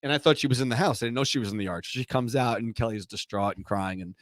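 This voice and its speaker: A man's voice: medium pitch, fast. A man hosting a casual podcast chat, telling rambling stories that keep interrupting themselves. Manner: rambling storyteller, self-interrupting. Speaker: podcast host. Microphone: studio microphone.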